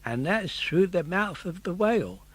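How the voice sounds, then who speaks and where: A man's voice: sits high, expressive, slightly rough, no echo, pitched above the performer's own voice. An older actor voicing a frail, weary old woodcarver father in an audiobook. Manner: quavering, sad and slow.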